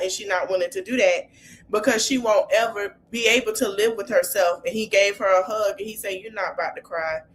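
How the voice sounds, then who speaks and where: A woman's voice: medium pitch, a bit bright, a little hiss or hum. A woman hosting a podcast, retelling reality-show scenes in a chatty, gossipy way. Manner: chatty gossipy retelling with African American Vernacular English. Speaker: podcast host. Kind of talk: casual reality-TV recap.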